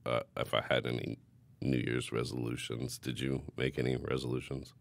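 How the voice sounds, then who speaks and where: A man co-hosting a casual podcast chat, telling stories in a profane, animated way. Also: rumbling low, moderate pace, creaky. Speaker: podcast co-host.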